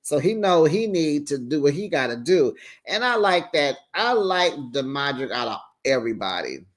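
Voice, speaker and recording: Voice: sing-song, moderate pace. Sassy, chatty Bay recap host. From San Francisco Bay Area. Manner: chatty and sassy, with big pitch jumps. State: tired. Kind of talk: casual recap commentary.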